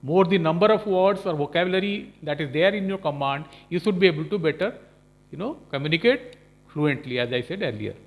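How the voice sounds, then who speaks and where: A man's voice: a little high, animated, a little fast. A man giving a recorded lecture as a professor, explaining points and checking in with frequent "okay?". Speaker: professor lecturing on management skills.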